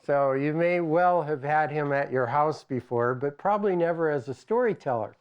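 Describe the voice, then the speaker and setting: A man hosts a live storytelling event, putting friendly questions to the audience before bringing on the next speaker. His voice sits a little high and sounds smooth, but the recording is dull and lo-fi. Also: normal speed. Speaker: host.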